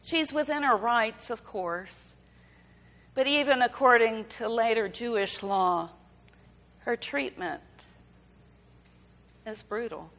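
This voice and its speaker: A woman preaching a sermon, reading scripture and reflecting on it in a measured, emphatic way. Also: a little high, fairly bright tone, rough recording. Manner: slow, deliberate preaching with emphatic rises.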